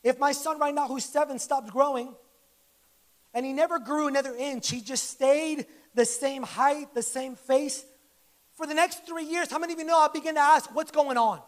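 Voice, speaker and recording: A man's voice: very high-pitched, fairly even intonation, normal speed. A man preaching a sermon to his church in a conversational, joking way, acting out little quoted lines. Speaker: pastor. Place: church service.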